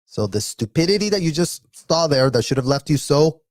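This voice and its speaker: A man giving casual, blunt reaction commentary, animated and mocking, with mild profanity. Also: on the high side, a little fast, no room sound, clean studio sound. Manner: animated, mocking, mimics others in exaggerated voices. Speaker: live reaction streamer.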